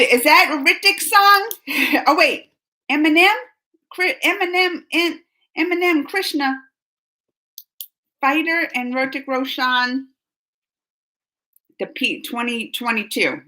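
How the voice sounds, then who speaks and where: Woman host, casual live-chat reader, giggly and chatty, high bright voice. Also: lively intonation, a little slow, long pauses. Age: adult under 45. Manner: chatty, giggly, reads comments aloud. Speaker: reaction channel host reading live chat.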